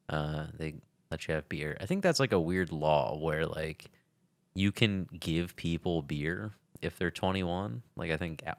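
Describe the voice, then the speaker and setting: A man's voice: sits low, fairly bright tone, no echo. A young adult man co-hosting a podcast, chatting casually with a dry joking manner and reading a sponsor spot offhandedly. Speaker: podcast co-host. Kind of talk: casual chat.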